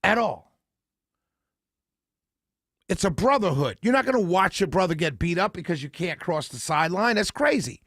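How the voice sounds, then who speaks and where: A man's voice: sits high, sing-song, normal speed, long pauses, dry recording. A man hosting a talk radio show from a studio, giving his opinions emphatically and working them out as he speaks. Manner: emphatic, opinionated, thinks out loud. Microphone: studio microphone.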